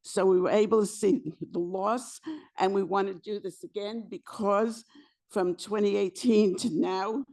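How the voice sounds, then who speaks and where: Slow, hoarse woman. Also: medium pitch, a little mellow. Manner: slow, halting delivery with fillers and restarts. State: losing her voice. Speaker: housing committee co-chair. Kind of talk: public meeting presentation. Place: community board meeting room.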